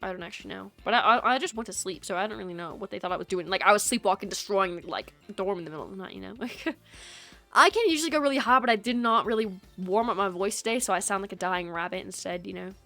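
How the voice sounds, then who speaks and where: A woman's voice: mid-range voice, quick pace, sharp tone, faint music behind. A woman game streamer chatting casually in her bedroom, rambling and self-deprecating. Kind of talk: casual live-stream chat. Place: small bedroom. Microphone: streaming setup.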